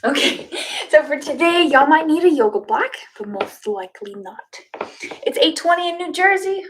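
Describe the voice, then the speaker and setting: A woman's voice: sits high, lively intonation, moderate pace, fairly bright tone, slight background noise. A woman chatting casually and giggling with her students and her cats before a live online yoga class. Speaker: yoga instructor.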